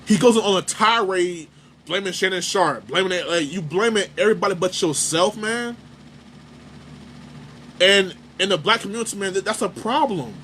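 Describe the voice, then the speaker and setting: Fired-up, higher-voiced male sports host. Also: normal speed, fairly bright tone, a little hiss or hum. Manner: emphatic, repetitive, fired-up. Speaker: sports talk show host. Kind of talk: heated sports commentary rant.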